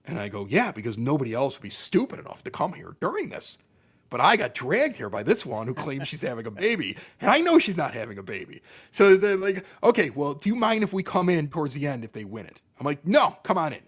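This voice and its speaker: Middle-aged man, podcast guest, lively storytelling, pitch that leaps around, slightly higher voice. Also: brisk, slightly rough. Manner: animated, exaggerated quoting of others. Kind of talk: casual storytelling.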